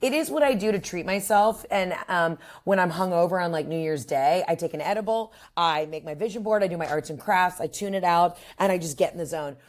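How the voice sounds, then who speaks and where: A woman comedian, a guest on a podcast, telling stories in a brash, crude, animated way. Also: on the low side, a little fast, hardly any pauses. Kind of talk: casual interview chat.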